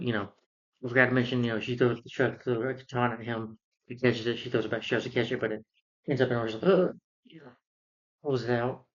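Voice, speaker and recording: A man recapping a film plot in a casual, rambling way, with many fillers and restarts. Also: medium pitch. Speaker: film reviewer. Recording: dull lo-fi sound.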